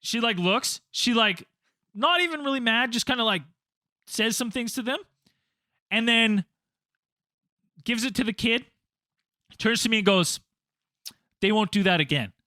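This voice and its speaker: A man on a podcast telling a story in casual chat, animated and profane, acting out quotes loudly. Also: extremely high pitch, unhurried, long pauses, no echo. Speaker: podcast co-host.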